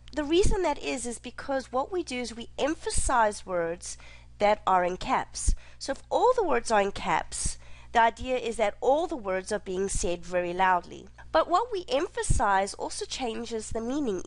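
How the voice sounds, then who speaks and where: A woman teacher giving a recorded lecture, speaking clearly and deliberately and slowing down to stress her examples. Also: on the high side, no echo.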